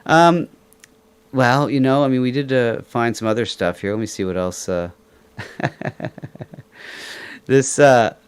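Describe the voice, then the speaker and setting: A man's voice: mid-range voice, slow, long pauses, clear, resonant tone. A man from Ireland hosting a casual chat show, joking and laughing often as he rambles. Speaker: podcast host.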